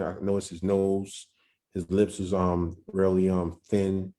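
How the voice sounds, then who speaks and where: Man, very low voice, mellow tone, casual halting storytelling. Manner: loose, halting, with many restarts and street slang. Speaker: podcast guest.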